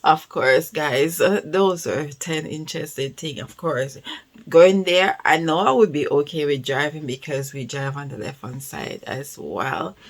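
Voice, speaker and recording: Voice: mid-range voice, unhurried. A reaction video host from Jamaica with a Jamaican accent, talking casually and often repeating "of course". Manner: chatty, repeats "of course", laughs easily.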